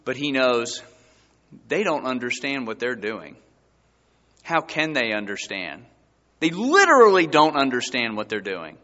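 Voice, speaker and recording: A man preaching a sermon as a pastor, his voice surging high and loud for emphasis. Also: big pitch swings, measured pace, long pauses. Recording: dull sound with long hall reverb.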